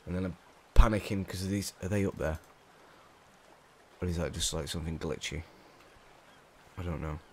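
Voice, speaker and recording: A man's voice: sits low, moderate pace, long pauses, a little mellow, slight background noise. A young English man commentating his game play from a small room at home, jumpy, panicky and swearing a lot. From England. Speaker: gamer.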